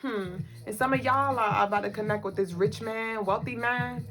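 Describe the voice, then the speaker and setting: A woman's voice: a little high, normal speed, fairly bright tone. A woman co-hosting a spiritual livestream in a casual, repetitive, emphatic way, talking straight to her viewers. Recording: music playing behind the voice.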